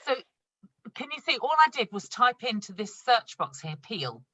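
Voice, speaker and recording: A woman's voice: on the high side, sing-song, normal speed, sharp tone, slightly rough, no echo, low-quality recording. A woman running an online training session for new consultants. She talks in a chatty, upbeat way, laughs often and shows products as she explains them. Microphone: video call.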